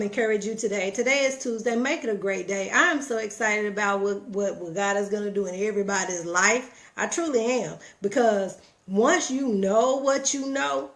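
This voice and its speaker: A middle-aged woman giving a folksy, preachy motivational talk with animated storytelling. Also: mid-range voice. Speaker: motivational vlogger.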